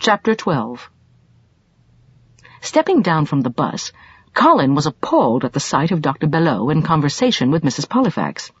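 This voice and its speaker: A woman's voice: low-pitched, sing-song, normal speed, husky, no echo. A woman narrating an audiobook in a scripted, dramatic reading with shifting emphasis, recorded in a dull lo-fi, dry way.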